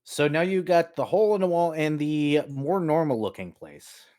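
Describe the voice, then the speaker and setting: A man narrating as game master of a tabletop game in a relaxed manner, laughing often. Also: fairly high pitch, moderate pace.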